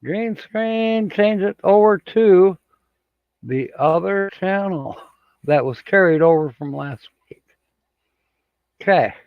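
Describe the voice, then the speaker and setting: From a home studio with a green screen, a man with a high voice hosts a casual livestream, reading viewer comments and chuckling often as he rambles. He speaks slowly with lively intonation and frequent pauses, and the audio is narrow and tinny but free of echo.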